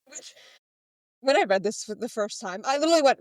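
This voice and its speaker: A woman co-hosting a podcast, retelling scenes from a book in animated casual chat, acting out characters' lines. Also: sits high, moderate pace, pauses often, no echo, poor audio. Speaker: podcast co-host.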